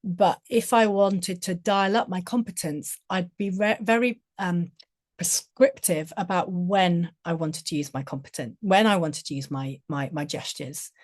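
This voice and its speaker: A woman with a fairly low voice gives a talk on communication. She speaks expressively and often restarts her phrases mid-thought. The sound is close and dry, with no room echo. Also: unhurried. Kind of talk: presentation talk.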